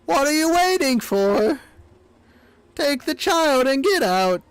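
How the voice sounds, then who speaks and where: A man voicing a loyal robot girl in a game playthrough, in a high, strained, urgent voice. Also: big pitch swings, slow pace, dry recording, heavily acted.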